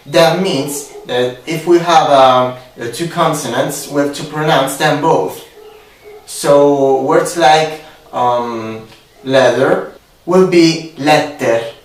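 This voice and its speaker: A young Italian-accented man speaks slowly and hesitantly, filling pauses with ums. He is heard from some distance in a very echoey room. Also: on the high side. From Italy. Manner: hesitant, many fillers. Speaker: vlogger. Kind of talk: casual accent-challenge vlog. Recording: echoey room, far from the mic.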